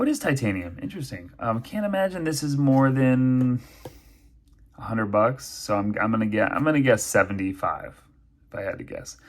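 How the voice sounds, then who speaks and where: A man reviewing knives and pens in a casual unboxing, chatty and thinking aloud with many fillers. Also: lowish voice. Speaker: knife and pen reviewer.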